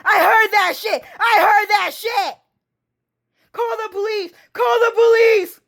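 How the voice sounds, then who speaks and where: A woman's voice: very high-pitched, steady tone, takes it slowly, vocal fry, fairly bright tone, voice pushed up, heavily acted. A woman voicing a hysterical, furious adult woman who shrieks, sobs and curses at top volume. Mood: hysterical fury. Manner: shrieking, sobbing, cursing.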